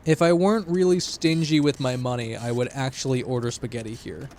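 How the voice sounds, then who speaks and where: A man streaming a game, talking in an excitable, rambling and jokey way to his chat. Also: medium pitch, fairly quick. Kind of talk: gaming livestream chat.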